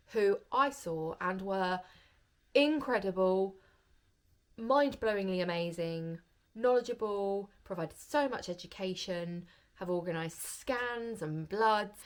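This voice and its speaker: A young woman talking to camera in a chatty vlog, open and emotional, gushing as she shares a personal story. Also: lowish voice. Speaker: vlogger.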